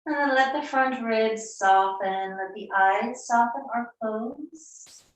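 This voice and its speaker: Woman yoga teacher, very slow and calming delivery, live-streamed from a far mic in an echoey room. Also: a little high. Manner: slow, soothing, unhurried cues. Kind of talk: live yoga class instruction.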